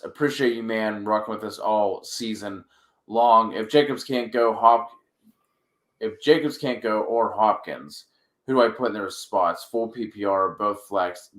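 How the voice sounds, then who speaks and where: A man hosting a fantasy football live stream, reading out viewer questions in quick lists. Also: fairly low pitch, reverberant. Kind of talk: casual live-stream chat.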